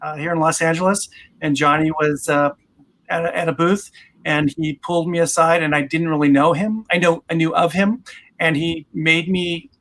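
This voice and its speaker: Bright, jovial male host. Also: on the high side, fairly even intonation, moderate pace. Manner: jovial, jokes and laughs at his own stories. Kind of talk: hosting a live online tasting.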